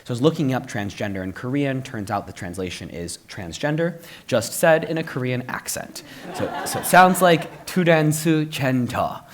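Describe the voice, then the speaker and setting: A young man telling a personal story at a live book talk, lively with playful asides and frequent "um" fillers, turning soft and earnest at the close. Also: mid-range voice, brisk. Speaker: author and speaker. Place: stage at a live public talk.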